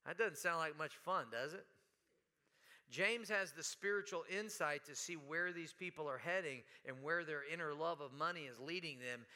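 A man preaching a sermon in a church, animated, breaking into sudden shouts and dramatic quoted lines. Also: on the high side. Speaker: pastor. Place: church sanctuary.

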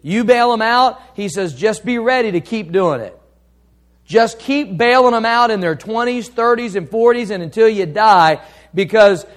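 High-voiced preaching pastor, man. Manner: emphatic preaching, rising and dropping for effect, reads scripture slowly. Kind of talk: sermon.

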